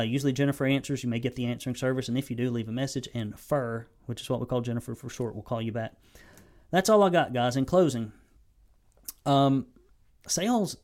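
Southern guy coaching painters on sales, blunt and folksy, kinda sarcastic, middle pitch. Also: fairly even intonation, brisk, a little mellow. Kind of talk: training talk to camera.

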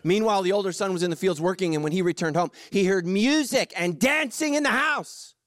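A man preaching a sermon, animated and jokey, acting out the story's voices. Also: sits high, a little fast, no room sound, studio quality. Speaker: pastor.

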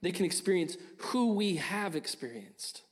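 Earnest young pastor with a higher voice. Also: male voice, sing-song, unhurried, husky. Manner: earnest, urging, repeats his phrases. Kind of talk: sermon.

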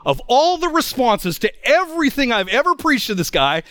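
Middle-aged male preacher, expressive storyteller, fairly high voice, dry close sound. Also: normal speed, clear, resonant tone, dry recording. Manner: animated, emphatic, with frequent restarts. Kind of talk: storytelling sermon.

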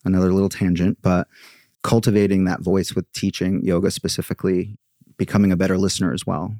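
Low gravelly-voiced man, yoga teacher. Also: little pitch movement, fast, warm tone, dry recording, studio quality. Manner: chatty, acts out quoted voices. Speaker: podcast guest, yoga teacher. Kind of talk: candid personal storytelling.

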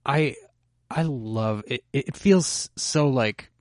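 A man's voice: medium pitch, slow pace, no room sound. Teasing man hosting a podcast, dry sound. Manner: teasing, joking, lots of fillers. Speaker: podcast host. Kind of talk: casual anime discussion podcast.

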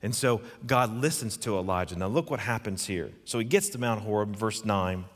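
A man's voice: fairly low pitch, normal speed, big-room sound. A man preaching a sermon, earnest and emphatic, putting questions to his listeners. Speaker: pastor.

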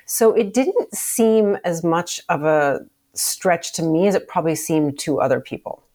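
Brief: low-pitched middle-aged woman, podcast guest, measured and reflective. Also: a little mellow. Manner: measured, thoughtful, with frequent restarts. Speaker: podcast guest, former museum CEO. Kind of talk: conversational interview answers.

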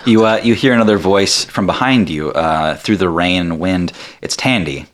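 Low-voiced guy running a tabletop game, chill, lots of uhs. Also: normal speed. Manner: relaxed, hesitant with many fillers. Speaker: game master.

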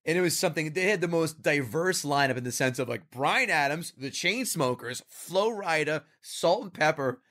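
A man, a comedian guest on a podcast, chatting casually and telling stories with lively acted-out quotes. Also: fairly high pitch, moderate pace, hardly any pauses. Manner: animated storyteller, acts out quoted voices. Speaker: comedian and show creator guest.

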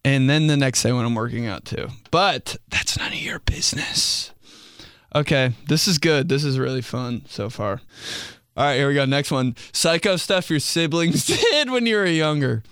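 A young man hosts a casual podcast on his own, with a smooth, resonant voice sitting at a middle pitch. He talks loose and slangy, jokes, and laughs easily. The sound is close and dry. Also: fairly bright tone, dry recording. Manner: loose and joking, slangy, quick laughs, acts out quotes. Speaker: podcast host. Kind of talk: casual solo podcast talk.

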